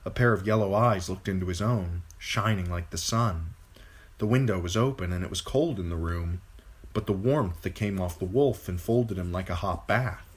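A man reading a fantasy novel aloud as an amateur narrator, with expressive, dramatic storytelling. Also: low voice, moderate pace, slightly rough. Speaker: hobby audiobook reader.

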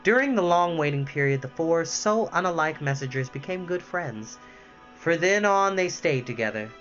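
A man reading a chapter book aloud in an animated way, his voice sitting a little high. He breaks off now and then for chatty asides. The sound is slightly dull. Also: normal speed, soft background music. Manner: lively, with asides and self-corrections. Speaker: storyteller.

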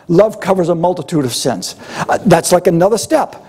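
Older male pastor, high husky voice, lively delivery. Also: brisk. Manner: animated, acts out grumbling voices with humor. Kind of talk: sermon.

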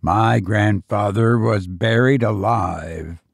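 A man's voice: takes it slowly, creaky, slightly rough, dry recording, clean studio sound, heavily acted. A man doing a stern dying old banker. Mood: grave. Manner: commanding, blunt, low and grave.

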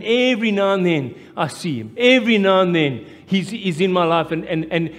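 South African male pastor, Afrikaans-inflected, higher voice, fervent repetitive preaching, live hall reverb. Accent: South African, Afrikaans-influenced. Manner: impassioned, repeats phrases, preaching cadence. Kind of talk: live sermon. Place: church hall.

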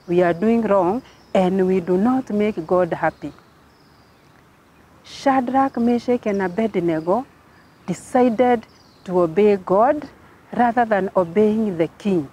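Slow, husky-voiced Kenyan woman storyteller. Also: mid-range voice, animated, warm tone. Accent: Kenyan English. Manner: slow, sing-song storytelling with rising and falling emphasis. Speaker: Sunday school teacher. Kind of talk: Bible story for children.

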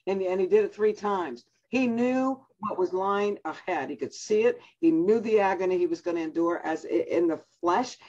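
A woman's voice: lowish voice, a little mellow, husky. A woman preaching a sermon on a call, chatty and laughing often. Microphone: video call. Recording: dull lo-fi call audio.

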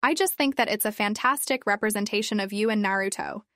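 Lady doing a calm caring mom in a fanfic reading, soothing, dry close mic. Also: medium pitch, fast, no room sound, natural voice. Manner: soothing, coaxing. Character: gentle, patient middle-aged mother.

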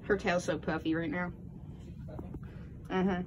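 A woman's voice: lowish voice, little pitch movement, slow, noisy background. A woman talking to her pet genet in teasing, coaxing baby talk. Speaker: exotic pet owner.

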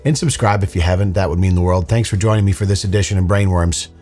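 A man's voice: sits low, quick pace, dark tone, faint music behind. A man hosting a reaction video, riffing on clips with sarcastic, mock-serious rants. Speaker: commentary video host.

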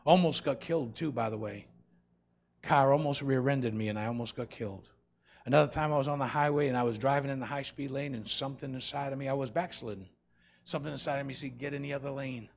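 A man preaching a sermon as pastor, swinging between loud and soft and calling out to the congregation. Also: mid-range voice, a little hiss or hum.

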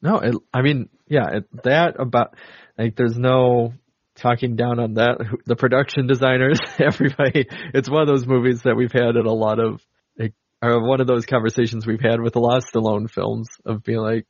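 A man's voice: medium pitch, flat delivery, normal speed, no room sound. A man in casual podcast chat, walking through film scenes with plenty of fillers and restarts. His voice sits in a middle register. The recording is dry and a little muffled. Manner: rambling, retells film scenes with many fillers. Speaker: podcast co-host. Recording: dull lo-fi dry sound.

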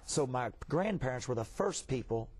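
A man's voice: mid-range voice, animated, moderate pace, darkish tone, breathy edge. A man who is a pastor, earnestly recounting a personal spiritual experience as a talk show guest.

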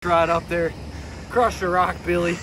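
An excited man, hollering and narrating a river fishing vlog outdoors at night. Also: sits high, measured pace. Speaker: angler and channel host. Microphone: action camera. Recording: noisy outdoor action-camera audio.

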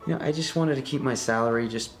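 A man's voice: mid-range voice, quick pace, soft background music, close to an everyday voice. An actor playing an easygoing male nurse who talks modestly and hesitantly. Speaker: nurse character.

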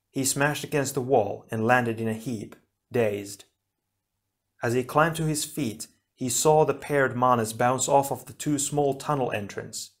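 A man narrating an action storybook in a steady, even reading voice. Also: mid-range voice. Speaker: audiobook reader.

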